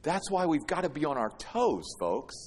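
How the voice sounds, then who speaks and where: A man preaching a sermon as pastor, swinging from hushed asides to emphatic, repeated phrases. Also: fairly high pitch, very animated, moderate pace, slightly rough. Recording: long hall reverb.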